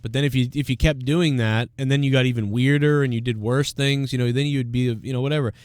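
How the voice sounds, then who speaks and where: A man's voice: medium pitch, fairly even intonation, quick pace, darkish tone, no room sound. Rambling male livestream host, dry sound. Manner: rambling, filler-heavy, thinking aloud. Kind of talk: casual live Q&A chat.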